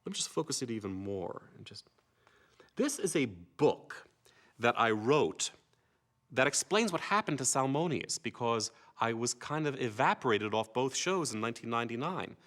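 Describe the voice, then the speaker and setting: An older actor reminiscing casually about his years on a TV series, an animated storyteller who slips into comic voices. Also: medium pitch, normal speed.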